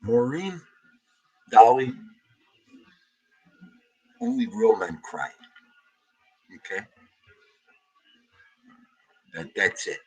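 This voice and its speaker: Livestream host, husky New man, middle-aged, grieving, warmly greeting his regulars. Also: on the low side, big pitch swings, takes it slowly, pauses often, rough recording. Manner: emotional, heartfelt, greets viewers by name. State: grieving, tearful. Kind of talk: casual livestream chat greeting viewers.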